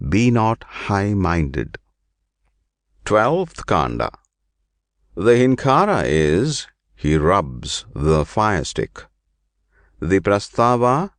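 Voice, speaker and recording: A man reading an ancient scripture aloud in slow, measured, deliberate phrases. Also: low voice, no room sound. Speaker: reader.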